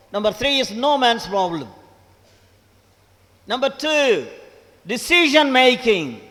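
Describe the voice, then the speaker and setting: A man's voice: very high voice, fairly bright tone. Older Tamil man lecturing in a hall. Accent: Tamil Indian English. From Tamil Nadu, India. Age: 70s. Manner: asks the audience questions, repeats key points, stresses syllables. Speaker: guest lecturer, former English professor. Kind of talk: motivational lecture to college students. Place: college auditorium. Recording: long hall reverb.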